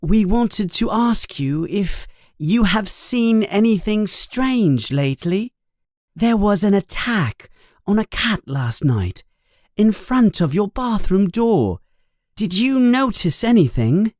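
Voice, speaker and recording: A man's voice: high voice, very animated, slow, a little mellow, no echo, clean studio sound, voice pushed up, exaggerated voice. A man voicing a clever, earnest schoolgirl who speaks eagerly and explains things.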